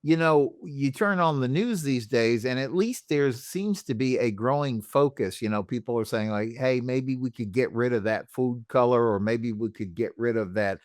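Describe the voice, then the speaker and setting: A man's voice: medium pitch, moderate pace, hardly any pauses, dry recording, clean studio sound. A man hosting a radio show, from the United States, talking in a chatty, enthusiastic way. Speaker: radio host. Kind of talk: casual radio interview.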